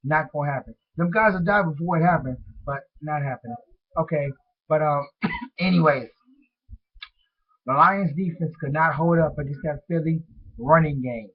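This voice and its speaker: A man's voice: a little high, normal speed. A man with a cold who sounds congested, rambling through a casual sports talk vlog in slangy speech aimed straight at his viewers. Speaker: sports vlogger. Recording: tinny phone-like audio.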